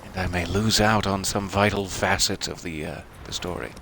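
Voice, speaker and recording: A man's voice: deep voice, fairly even intonation, normal speed, gravelly, a bit bright, slight background noise. A man giving casual, chatty commentary while playing a video game, thinking aloud and joking at himself. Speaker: let's play gamer.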